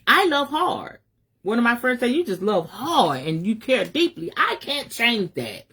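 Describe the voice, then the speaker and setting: A middle-aged woman delivers a fiery message in a preacher's cadence, her pitch leaping high and dropping low as she presses each point. Her voice sits fairly high, and she speaks in African American Vernacular English, swearing freely as she goes. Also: sing-song, a little slow, pushed and bright, husky. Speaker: spiritual advisor. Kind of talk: preaching-style live stream message.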